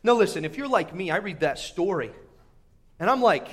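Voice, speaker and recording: A man preaching a sermon, retelling a story in animated fashion, full of fillers and repeats, swinging between shouts and hushed asides. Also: high-pitched, normal speed. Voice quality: filler-heavy, repetitive.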